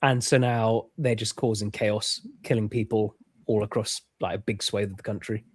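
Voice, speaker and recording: A man's voice: lowish voice, fairly even intonation, normal speed, dry recording. A man in a casual chat explaining things earnestly, with fillers along the way.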